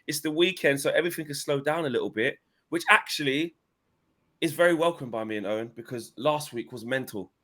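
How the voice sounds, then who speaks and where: A man's voice: on the high side, a little fast. A man co-hosting a casual chat show, talking loosely and with energy. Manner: animated, chatty, loose phrasing. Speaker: co-host of fan channel.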